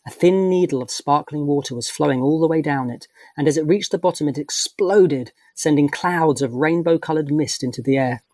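A man narrating a children's storybook in an even, descriptive way. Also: fairly high pitch, normal speed, hardly any pauses, no room sound. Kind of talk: storybook read-aloud.

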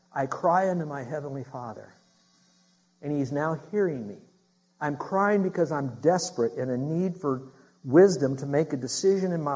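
A man's voice: on the high side, darkish tone, slightly rough, rough recording. A middle-aged man preaching a sermon, emphatic and repeating key phrases to his congregation. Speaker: pastor.

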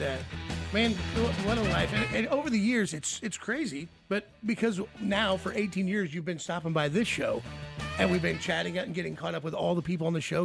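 A man hosting a radio show with a rough, gravelly voice, chatting in a friendly, joking way. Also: fairly high pitch. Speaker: radio host. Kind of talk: casual radio interview chat.

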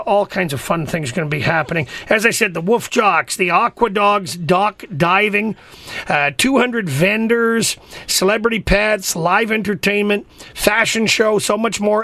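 Upbeat and promotional, a middle-aged radio talk show host runs a call-in program, repeating phone numbers with plenty of filler words. His voice is high, bright, and forceful, captured dry on a studio microphone.

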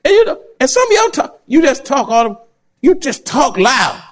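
A male preacher delivers a lively sermon, laughing often and moving from loud calls to quiet asides. His voice sits high and leaps all over the scale. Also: normal speed. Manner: animated, laughing, swings between loud and soft. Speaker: pastor.

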